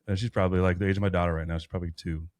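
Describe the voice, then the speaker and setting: A man's voice: deep voice, level tone, racing, a little mellow, no echo. A man in his thirties, a podcast guest, telling a personal faith story in an earnest, rambling way with many restarts. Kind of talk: personal faith testimony in conversation.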